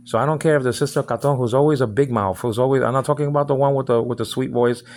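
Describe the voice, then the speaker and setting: A man's voice: medium pitch, steady tone, quick pace, darkish tone. A man from the United States delivering an angry, rambling video message, repeating himself and stumbling over his words. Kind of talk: angry direct-address monologue.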